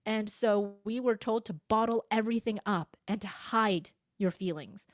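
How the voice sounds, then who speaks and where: A woman's voice: medium pitch, moderate pace, dry recording, clean studio sound. A woman in her forties, a voice coach and podcast guest, telling a story in conversation and acting out the lines she quotes. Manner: animated, acts out quoted lines.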